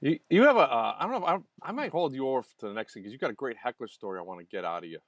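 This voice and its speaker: A man's voice: medium pitch, very animated, very fast, dry recording, clean studio sound. A man hosting a comedy radio show, chatting casually with a joking, self-deprecating manner. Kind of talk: casual interview chat. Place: radio studio.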